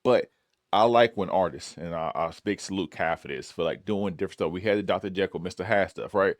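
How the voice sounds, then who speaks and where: A man's voice: low voice, brisk, no room sound, studio quality. A man hosting a music reaction show, talking casually and laid-back with lots of "like" and "man". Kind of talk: casual chat.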